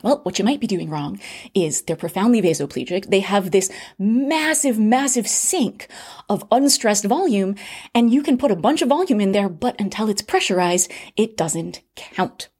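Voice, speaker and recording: Husky-voiced woman lecturing with lively emphasis. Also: medium pitch, normal speed. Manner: lively, emphatic teaching with rhetorical questions. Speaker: critical care lecturer. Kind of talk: recorded medical lecture.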